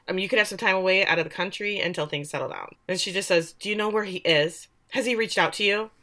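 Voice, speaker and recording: A woman recaps a TV episode for her podcast co-host in a bright, clear voice. She is animated and sarcastic and swears casually as she tells the plot. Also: medium pitch, fast talker. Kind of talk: casual chat.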